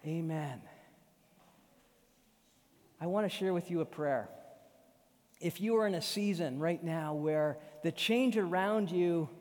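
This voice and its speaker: A man's voice: on the high side, slow, pauses often, a little mellow. A male pastor preaching a sermon on a Sunday morning, emphatic and rhythmic, building through repeated phrases. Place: church sanctuary. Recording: long hall reverb.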